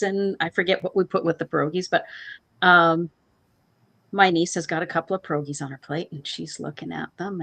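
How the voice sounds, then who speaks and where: A middle-aged woman co-hosting a morning show, telling family food stories in a casual chat and acting out relatives in higher voices, laughing often. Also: vocal fry, a bit bright.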